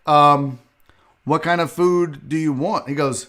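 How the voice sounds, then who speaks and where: A comedian from Houston, Texas, hosting his own show, telling a casual story in a profane, animated way and acting out what people said. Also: fairly high pitch, takes it slowly. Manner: profane, animated ranting with acted-out quotes. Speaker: comedian and podcast host.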